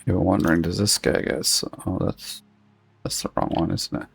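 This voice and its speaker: Gruff man rambling through gameplay, husky and a bit hoarse. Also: sits low, flat delivery, normal speed. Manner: rambling, thinking aloud while playing. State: losing his voice. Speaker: gaming streamer. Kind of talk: casual gameplay commentary.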